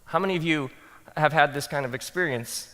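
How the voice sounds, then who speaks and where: A man speaking as a pastor to a live audience, telling animated stories and acting out his own thoughts in soft asides. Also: fairly high pitch, a little fast, big-room sound. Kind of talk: talk to pastors, animated storytelling.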